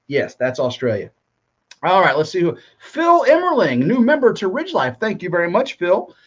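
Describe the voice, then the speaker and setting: A man's voice: high voice, huge pitch swings, normal speed. A man hosting a live stream, upbeat and welcoming as he greets viewers by name. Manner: upbeat, welcoming, reads out names and comments. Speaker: livestream host. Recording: dull lo-fi stream audio.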